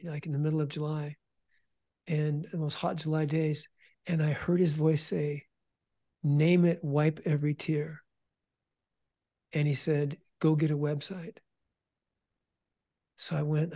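A man telling an emotional testimony about starting his ministry, earnest, often restarting and repeating words, dropping to a hush when quoting. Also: on the high side. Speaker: ministry founder and guest.

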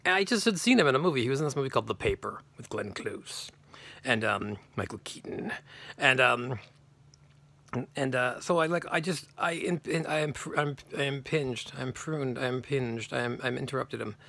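Guy rambling thru a story, gravelly and kinda bright, keeps restarting himself. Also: medium pitch, expressive, normal speed. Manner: rambling, many restarts and self-corrections. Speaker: channel host telling a personal story. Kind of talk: rambling personal anecdote.

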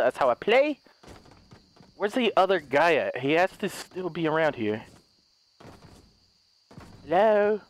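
A man commentating his own gameplay, muttering to himself, then bursting into loud shouts and giggles, and swearing often. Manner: high-pitched giggling laughs. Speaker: gaming commentator.

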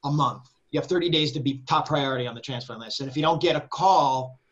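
A man, a guest on an interview podcast, telling a personal story in a casual, animated way, swearing freely and laughing between phrases. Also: mid-range voice, quick pace, highs cut off. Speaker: guest composer.

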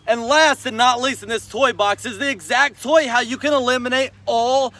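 A man's voice: very high-pitched, steady tone, normal speed, hardly any pauses, sharp tone. A man demonstrating dog toys in a casual vlog, explaining in a cheerful way and giving short commands to his dog. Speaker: dog owner and vlogger.

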